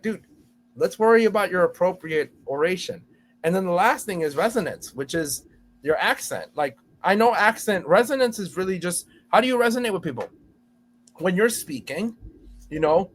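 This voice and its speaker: A guy with a pretty high voice, a school storytelling educator, guests on a podcast in a casual, chatty conversation. He's animated and keeps acting out students and teachers in exaggerated voices.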